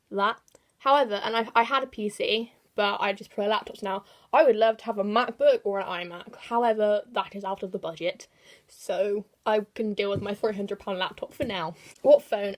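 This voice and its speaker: Chatty giggly English teen girl. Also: medium pitch. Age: teens. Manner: chatty, giggly, self-correcting, trailing off quietly. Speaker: vlogger. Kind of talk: casual chat answering tag questions. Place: bedroom.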